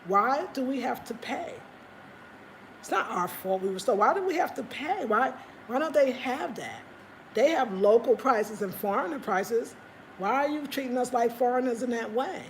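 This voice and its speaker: Chatty woman with a fairly high voice. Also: expressive, normal speed, slight background noise. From United States. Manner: chatty, rambling, emphatic. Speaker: vlogger. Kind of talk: casual chat.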